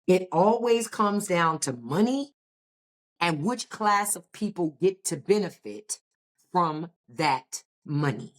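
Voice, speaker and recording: A woman's voice: on the low side, animated, slow. Emphatic American woman podcast host. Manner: emphatic, repeats phrases for effect; rhetorical questions and asides. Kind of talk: political commentary monologue.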